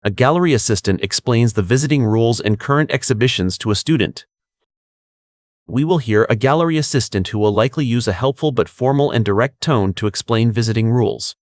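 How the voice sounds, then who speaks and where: A man reads test-prep coaching from a script in a clear, measured voice. His pitch sits at an ordinary middle for a man, and the sound is dry with no room echo. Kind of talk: scripted instructional narration.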